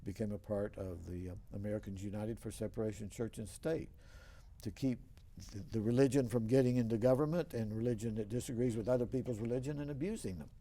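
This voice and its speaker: Casting: older male talk show host, low voice, mellow tone, anecdotal and rambling. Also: fast. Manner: rambling, anecdotal, with many restarts. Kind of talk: casual storytelling interview.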